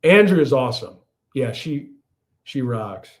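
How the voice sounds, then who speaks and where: Hosting a laid-back livestream, a man in his thirties from the Chicago area answers viewer comments in his Chicago accent, frequently starting over mid-thought. He speaks unhurriedly in a mid-range voice with lively intonation.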